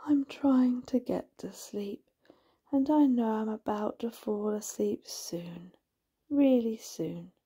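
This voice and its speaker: A woman's voice: a little high, slightly rough, full character voice. A woman doing a sleepy, comforting mole. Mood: sleepy, soothing. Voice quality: soft, hushed and slow. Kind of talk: bedtime story.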